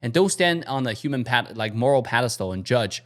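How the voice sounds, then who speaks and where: A man's voice: medium pitch, animated, a little fast, a bit bright. A man hosting a casual talk show, speaking emphatically, repeating himself and checking in with "right?". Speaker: host.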